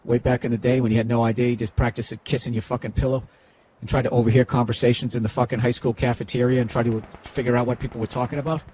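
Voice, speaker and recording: A man's voice: mid-range voice, level tone, very fast, a little mellow, slight background noise. A man with a Boston accent, hosting a podcast and giving profane, rambling comedic advice. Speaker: podcast host.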